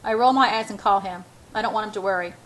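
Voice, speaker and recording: A woman's voice: mid-range voice, quick pace, fairly bright tone, a little hiss or hum, poor audio. A woman reading a first-person novel aloud in a casual, unpolished way, with restarts and self-corrections. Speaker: amateur audiobook reader.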